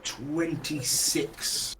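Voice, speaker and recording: A man running a tabletop game as game master, unhurried and terse. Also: on the high side. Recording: loud hiss and clicks.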